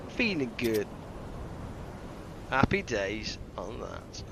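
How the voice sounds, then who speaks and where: A man from the UK giving chatty, excitable live commentary while streaming a game and greeting viewers. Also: medium pitch, a little slow, creaky, long pauses. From United Kingdom. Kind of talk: casual live gameplay commentary. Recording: slightly dull stream mic with faint hiss.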